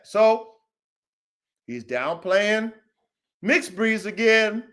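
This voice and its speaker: A man hosting a livestream podcast, talking in a slangy, confrontational way, with low mutters and loud emphatic bursts. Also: expressive, extremely slow, pauses often. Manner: confrontational, slangy, repeats a taunting catchphrase. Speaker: podcast host, dog breeder.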